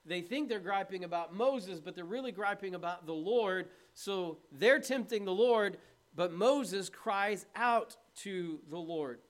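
High-voiced man preaching a sermon. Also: measured pace. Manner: earnest, plain-spoken preaching with questions to the congregation. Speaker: pastor. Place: church.

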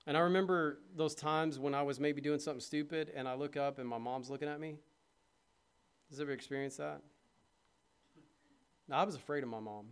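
A man preaching a sermon to his congregation, asking them questions directly and moving from quiet reflection to loud, impassioned appeals. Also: on the high side, steady tone, fairly quick, pauses often, clean tone.

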